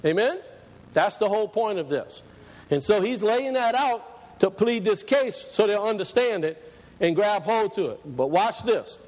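A man preaching a sermon in a conversational way, repeating phrases for emphasis and slowing down to read scripture aloud. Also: high-pitched, expressive, a little mellow, big-room sound. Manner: slows and rises when reading scripture aloud.

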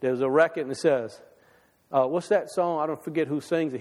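A man's voice: steady tone, brisk. Man preaching a folksy sermon in a reverberant hall. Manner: folksy, conversational preaching with wide swings in pitch and loudness. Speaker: pastor. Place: church sanctuary.

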